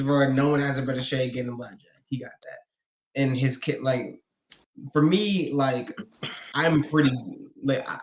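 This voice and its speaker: A male wrestler answering interview questions in a casual, earnest way. He sounds enthusiastic. His mid-pitched voice carries a noticeable roomy echo. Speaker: guest wrestler.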